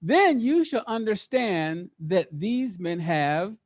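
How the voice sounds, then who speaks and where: Man, high-pitched, interactive scripture teacher who keeps quizzing the room. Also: slow pace. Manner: lively, quizzes the group, repeats words for emphasis. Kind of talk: interactive Bible study teaching.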